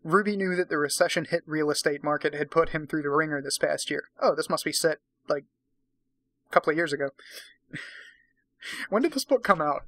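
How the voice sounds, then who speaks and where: A man's voice: fairly high pitch, fairly quick, pauses often, a bit bright, no room sound. A man giving a drunken dramatic reading of a romance novel, breaking off for profane, sarcastic asides. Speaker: reader and commentator.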